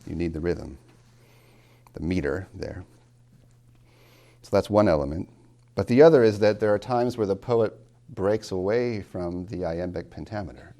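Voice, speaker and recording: A man's voice: low voice, moderate pace, long pauses, dark tone. A man lecturing as a college tutor on reading poetry, asking questions and answering them himself, and tapping out rhythms aloud.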